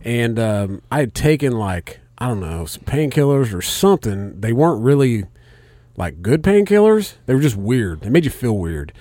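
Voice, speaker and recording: A man's voice: medium pitch, big pitch swings, normal speed, mellow, dry recording. A man casually telling a rambling, profane story on a podcast, laughing often. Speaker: podcast co-host.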